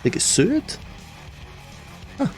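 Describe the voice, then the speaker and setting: A man's voice: takes it slowly, soft background music. A man casually commenting while he plays a video game, chatty and jokey, with enthusiastic asides. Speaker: gaming video host. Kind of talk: casual commentary over gameplay.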